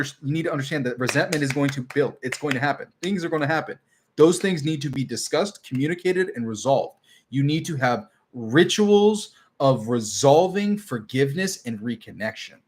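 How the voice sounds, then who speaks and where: A man hosting a casual live stream as a relationship coach, talking emphatically and sometimes dropping to a soft, tender tone. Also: fairly high pitch, breathy edge. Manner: animated and emphatic, drops to a soft tender tone when acting out a partner.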